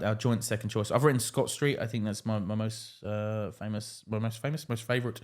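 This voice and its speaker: A man's voice: lowish voice, steady tone, a little mellow. Rambling man in his thirties. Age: 30s. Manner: rambling, halting, swears, laughs often. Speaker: podcast co-host. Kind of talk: casual chat.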